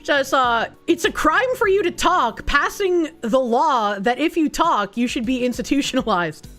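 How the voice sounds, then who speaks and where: A woman's voice: high-pitched, lively intonation, moderate pace, a bit bright, soft background music. A woman with a Boston accent, streaming and ranting casually in a blunt, profane way. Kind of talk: casual livestream commentary.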